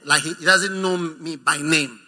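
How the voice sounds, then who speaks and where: A man with a Ghanaian accent preaching a sermon, animated, teasing and emphatic. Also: on the high side, measured pace. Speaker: pastor.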